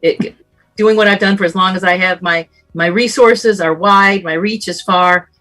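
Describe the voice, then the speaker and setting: Lower-voiced woman, veteran radio host. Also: steady tone, normal speed, faint music behind. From Southern California. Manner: earnest, offering service, warm storytelling. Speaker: radio talk show host and guest speaker. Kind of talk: casual panel conversation.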